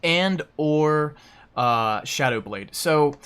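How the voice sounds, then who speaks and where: A man's voice: a little high, animated, drawn-out words, fairly bright tone, clean tone. A man hosting a game guide, talking through gameplay in a casual, rambling and self-deprecating way. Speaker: host of a game guide channel.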